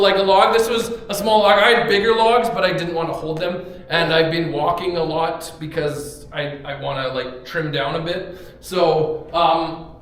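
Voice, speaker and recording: Man preaching casually in an echoey church. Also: sits high. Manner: casual, joking, with props and sudden loud emphasis. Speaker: pastor. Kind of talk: sermon. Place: church sanctuary. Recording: very echoey room, faint background hum.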